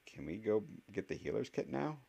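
A man's voice: lowish voice, very animated, normal speed, gravelly, mellow, breathy edge, voice pushed up, heavily acted. A man voicing a clever, blunt eleven-year-old boy who talks in an earnest, argumentative way.

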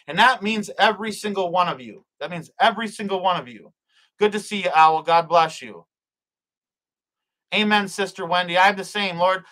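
A man's voice: high-pitched, brisk, bright, forceful tone, low-quality recording. A man preaching and praying on his own live stream, fervent and repetitive, often stumbling and restarting his words. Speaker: livestream preacher.

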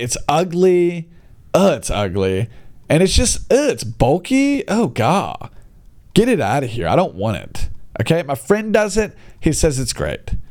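A man vlogging casual tips, ranting in an exasperated, animated way and mincing his swears. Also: on the high side. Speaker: vlogger giving e-bike riding tips.

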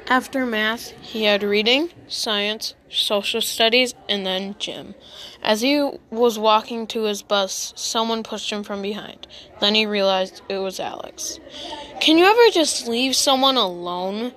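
A woman narrating a children's school story in a steady, plain reading voice. Her pitch sits in the middle range for a woman. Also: measured pace.

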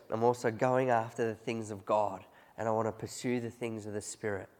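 A man's voice: lowish voice, moderate pace, a little mellow. A man preaching a conversational sermon, often chuckling as he tells stories to his congregation. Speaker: pastor.

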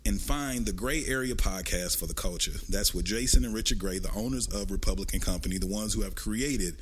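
Man, podcast host, AAVE speech, deep-ish voice, rowdy profane banter, faint hiss behind. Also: brisk. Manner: loud, profane, laughing banter. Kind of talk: casual chat.

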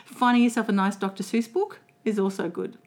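Australian woman voice coach, animated. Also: medium pitch, fairly quick. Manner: animated, laughs often, restarts sentences. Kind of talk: casual interview chat.

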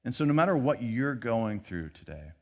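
A man's voice: medium pitch, sing-song, normal speed, lo-fi sound. A man preaching a sermon in a conversational way, acting out everyday voices as he goes. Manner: conversational preaching with acted-out quotes. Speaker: pastor.

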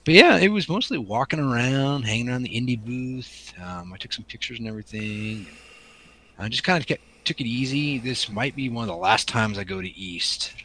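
A man's voice: mid-range voice, lively intonation, moderate pace, fairly bright tone, rough recording. A man from the Pacific Northwest, co-hosting a podcast in casual chat, rambling with ums and restarts. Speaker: podcast co-host.

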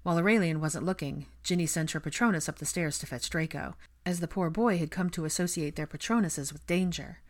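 A woman reading a fan fiction story aloud as narrator, lifting her pitch to voice the characters' dialogue. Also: brisk, hardly any pauses. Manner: reads dialogue with lively pitch lifts. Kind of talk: audiobook narration.

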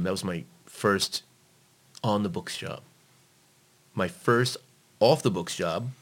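A man's voice: low voice, vocal fry, fairly bright tone. A man telling stories in a casual chat, blunt and emphatic, swearing often. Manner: blunt, heavily profane, emphatic.

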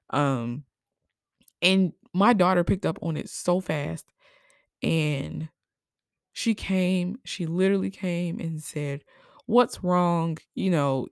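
A young woman hosting a personal podcast, speaking emotionally and haltingly, with many fillers, and at times crying. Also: sits low, a little mellow, no echo, studio quality. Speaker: podcast host. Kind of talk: personal reflective monologue.

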